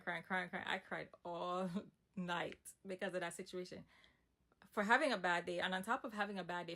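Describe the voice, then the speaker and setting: A young woman telling a personal story in a casual, emphatic storytime monologue with asides. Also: mid-range voice. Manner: animated, emphatic retelling with asides.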